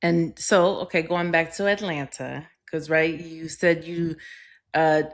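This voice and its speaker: A woman's voice: low voice, steady tone, a little slow. A woman podcast host interviewing a guest, asking probing follow-up questions in a conversational way.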